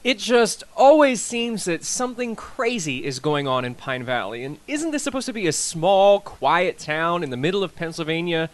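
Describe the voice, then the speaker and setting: A man's voice: high voice, big pitch swings, moderate pace, hardly any pauses, noisy background. A man hosting a tribute show, narrating his script in a playful, teasing way. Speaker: host.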